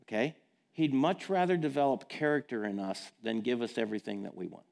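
A man delivers a sermon in a relaxed, conversational tone, speaking plainly and checking in with his listeners through quick questions. His mid-range voice carries a noticeable gravelly fry. He talks like a pastor chatting with his congregation rather than reading from a text. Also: mid-range voice. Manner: casual and direct, plain-spoken with rhetorical questions.

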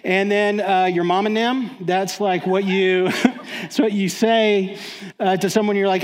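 A man's voice: high-pitched, steady tone, moderate pace. A man filling in as guest speaker, giving a casual, joking sermon to a live audience, full of fillers and restarts.

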